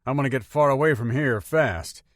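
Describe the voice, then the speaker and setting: Narrator playing a decisive pilot, curt and raised above the narration. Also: male voice, medium pitch, a little fast, no echo, clean studio sound, pitched above the performer's own voice, natural voice. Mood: firm. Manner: curt, commanding. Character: steady, decisive male Air Force pilot.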